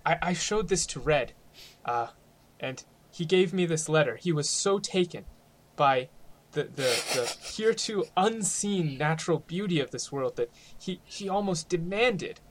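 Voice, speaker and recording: A man doing a scheming scholar who gushes with staged sincerity in a tabletop game. He speaks slowly and earnestly, with a slightly raised pitch. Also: expressive. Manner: effusive, overly earnest. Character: scheming male scholar feigning sincere reform.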